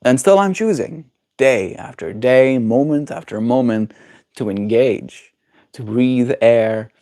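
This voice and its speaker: This man has a mid-range, slightly mellow voice. A daily livestreamer, he muses casually while answering questions from his chat.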